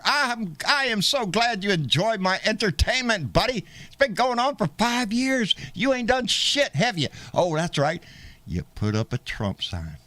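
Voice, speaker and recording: A man's voice: a little high, fairly bright tone, dry recording. A middle-aged man, hosting a live show and angrily ranting, profane and taunting, hurling insults. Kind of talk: angry live-stream rant.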